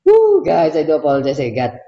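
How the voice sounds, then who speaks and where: A man's voice: medium pitch, animated, normal speed, dark tone, lo-fi sound. A man reading the Bible aloud, commenting on it with emotion and passion, then praying. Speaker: Bible reader. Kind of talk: devotional Bible reading and prayer.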